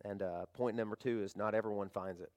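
A man's voice: fairly low pitch, steady tone, fast talker, darkish tone. Male pastor, conversational sermon delivery, emotional, climbs to fervent emphasis.

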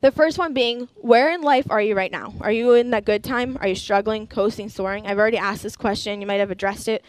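A woman's voice: mid-range voice, fairly quick, no room sound. A young woman giving an earnest sermon, sharing personal stories and reading scripture aloud. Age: young adult.

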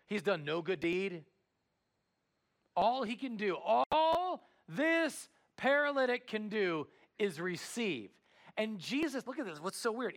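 High gravelly animated preacher man. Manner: animated storytelling, acts out voices, swings from loud to hushed. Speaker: pastor. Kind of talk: sermon.

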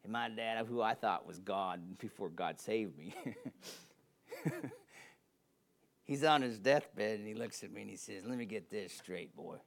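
A man's voice: on the low side, measured pace, gravelly, pauses often. A man preaching a sermon as pastor, emphatic with a repetitive, building cadence.

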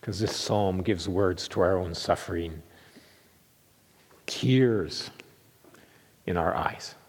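Middle aged guy preaching, earnest, repeats stuff for emphasis, goes quiet then builds, long church-hall echo. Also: low-pitched, slow pace, breathy edge. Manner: earnest, repeats phrases for emphasis, drops to a hush then lifts. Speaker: pastor. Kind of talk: sermon.

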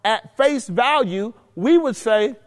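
Male Bible teacher with a high voice, forceful and repetitive, recorded with long hall reverb. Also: animated, slow. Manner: emphatic, repeats points, checks in with listeners. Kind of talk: preaching Bible study.

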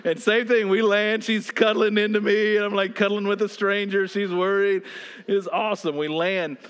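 A man preaching a sermon, reading scripture and then telling a personal story in an animated way, often laughing as he goes. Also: high voice, normal speed, clean tone. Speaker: pastor.

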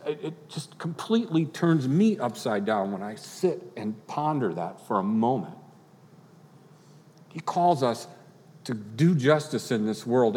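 A male pastor delivers a sermon in an earnest voice of middle pitch. He climbs to impassioned peaks, then sinks back to quiet, reflective lines. His voice rings out with a long reverb, as in a church sanctuary.

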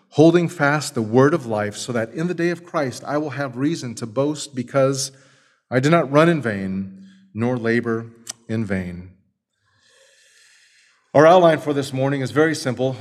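A man preaching a sermon as pastor, emphatic and building up force as he lists point after point. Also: mid-range voice.

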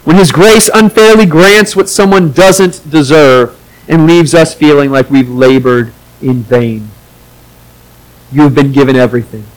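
A man's voice: a little high, steady tone, measured pace, rough recording. A man preaching a sermon as pastor, earnest, and acting out the quoted voices of the story.

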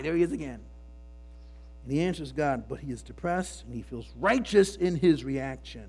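A man's voice: on the high side, sing-song, normal speed. A man preaching a sermon in an earnest way, often repeating words as he builds his points. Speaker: pastor.

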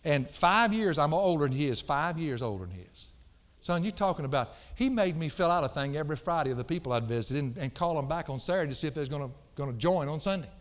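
A middle-aged man preaching a sermon, folksy and emphatic, jumping from loud outbursts to hushed asides. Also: on the high side, expressive, fast. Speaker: pastor. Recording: long hall reverb.

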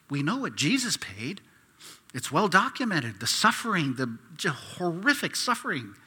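Impassioned preacher in a reverberant hall. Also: male voice, high voice, breathy edge. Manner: impassioned, swings from hushed to loud pleading. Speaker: pastor. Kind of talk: sermon.

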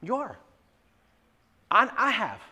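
A male pastor preaching a sermon in an earnest way, often repeating words and moving between loud emphasis and quiet asides. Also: very high voice, big pitch swings, takes it slowly, slightly rough.

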